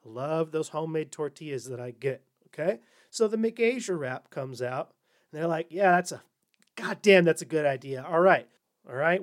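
A man hosting a comedy podcast, delivering a sarcastic monologue and slipping into mocking corporate voices. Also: on the high side. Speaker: podcast host.

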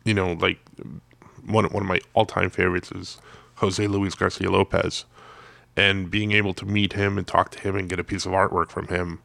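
Low gravelly man telling stories. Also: level tone, normal speed, fairly bright tone, no echo. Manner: rambling, self-repeating storyteller. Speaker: comic artist guest. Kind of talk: casual anecdote telling.

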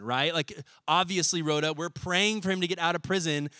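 A young man preaching a sermon as pastor, talking in a lively, casual way and acting out little scenes as he goes. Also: a little high, dry recording. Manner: animated, conversational, acts out scenes in quick voices.

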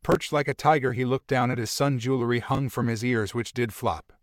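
A man narrating an amateur fantasy story, reading in a halting, stumbling way. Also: medium pitch, fairly even intonation, no echo, studio quality.

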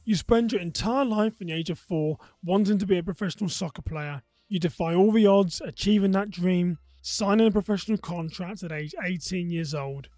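High-voiced South London man hosting. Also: a little fast, few pauses, mellow, no room sound. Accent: South London English. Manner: upbeat, talkative with frequent restarts. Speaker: podcast host. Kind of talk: podcast interview.

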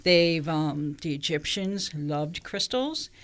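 A woman who runs a crystal shop appears as a guest in a casual interview, speaking slowly in a low, expressive voice. She's easygoing and explains things through anecdotes.

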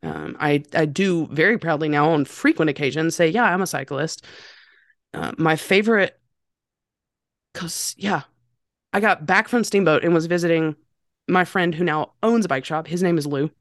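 A woman's voice: deep voice, moderate pace, dry recording, clean studio sound. A woman, telling stories in a casual chat with a self-deprecating, laughing manner. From North Carolina. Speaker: podcast guest. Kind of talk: casual conversational storytelling.

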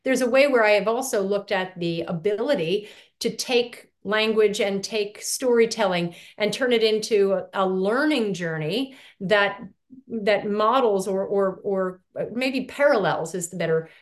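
A middle-aged woman, an author and poet, telling her story as an interview guest in a lively, self-deprecating way. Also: medium pitch, unhurried. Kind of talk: conversational interview.

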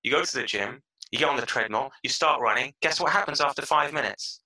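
A middle-aged man as a podcast guest, giving motivational advice in an animated way and acting out excited inner voices. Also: mid-range voice, quick pace, poor audio. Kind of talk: motivational interview talk.

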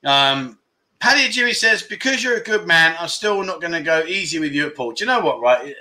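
A man's voice: on the high side, animated, fairly quick, pushed and bright. A man hosting a casual livestream chat, reading out viewer comments and joking with slang. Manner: chatty, reads viewer comments aloud and jokes with them; uses London slang. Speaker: livestream host. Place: Pattaya, Thailand.

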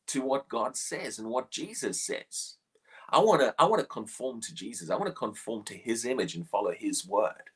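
Husky-voiced man preaching a devotional. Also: mid-range voice. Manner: earnest, questioning, repeats words when emphasizing. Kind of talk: morning devotional sermon.

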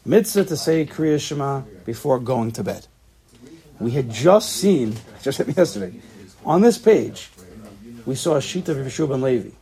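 A man's voice: mid-range voice, animated, normal speed, dark tone. A man leading a casual Talmud study class, thinking aloud and checking in with his students. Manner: thinks aloud, asks the class questions, laughs at himself.

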